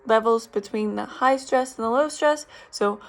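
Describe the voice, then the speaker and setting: Young woman, slightly high pitch with a gravelly edge, casual student presentation style, many filler ums. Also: normal speed. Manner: informal, frequent ums, explanatory. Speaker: speech therapy student. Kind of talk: recorded class presentation.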